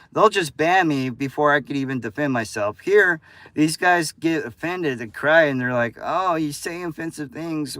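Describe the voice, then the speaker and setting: A man streams live and argues with his chat, cursing freely in a combative, ranting way. His voice sits a little high and comes across forceful and tense. The sound is close and dry. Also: no room sound. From United States. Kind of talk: casual livestream chat with viewers.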